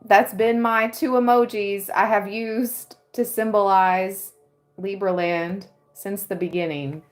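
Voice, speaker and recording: A woman giving a tarot reading on a livestream, dreamy and excitable, often breaking into giggles. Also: mid-range voice, slow pace, faint music behind. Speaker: tarot reader.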